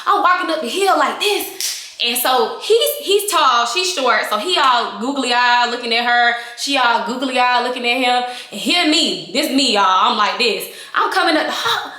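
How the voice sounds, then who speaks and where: Young woman vlogger, bright and higher-pitched, candid storytime in an echoey room. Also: moderate pace. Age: young adult. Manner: animated, reenacting scenes with voices and gestures; chatty and candid, addressing viewers directly. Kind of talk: casual storytime vlog.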